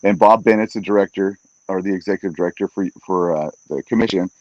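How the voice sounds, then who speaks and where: A man who works as a fight announcer, a podcast guest telling stories in a casual, animated way and acting out what other people said. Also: low-pitched, fast, no echo. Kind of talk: casual storytelling in a podcast interview. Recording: dull, dry podcast audio.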